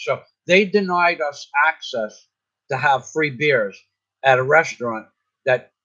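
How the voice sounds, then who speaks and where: A man's voice: mid-range voice, fairly bright tone, muffled recording. A man telling a rambling, indignant story in a casual vlog, often restarting his sentences. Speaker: vlogger. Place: in the Philippines.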